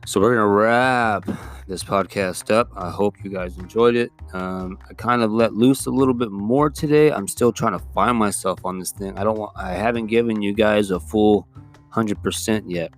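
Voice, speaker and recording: A man's voice: lowish voice, moderate pace, faint music behind. A man hosting his own podcast, ranting about politics in a heated, profane, rambling way. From California. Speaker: podcast host. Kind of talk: casual political rant. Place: California.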